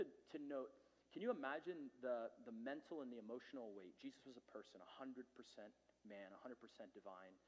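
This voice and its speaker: A man preaches in a loose, conversational way, full of fillers and restarts. He sinks to hushed tones and then climbs to loud, emphatic peaks. His voice carries a long reverb from a large hall. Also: medium pitch. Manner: conversational, with fillers and dramatic swings in loudness. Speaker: pastor. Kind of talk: sermon.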